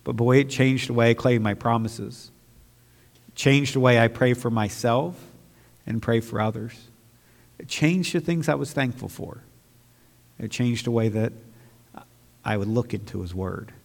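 Fervent pastor preaching in a reverberant hall. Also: male voice, mid-range voice, unhurried, gravelly, pauses often. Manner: swings from quiet reflection to loud fervent outbursts. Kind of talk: sermon.

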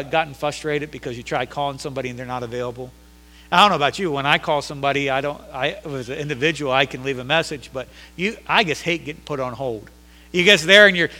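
A male pastor preaching a sermon, emphatic and repetitive, swinging between loud declarations and hushed lines in a church sanctuary. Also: a little high. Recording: long hall reverb.

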